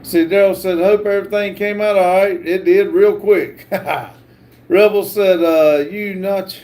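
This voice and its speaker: A man hosting a livestream, reading viewer comments aloud with halting pauses and fillers. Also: high voice, fairly even intonation, darkish tone. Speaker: livestream host.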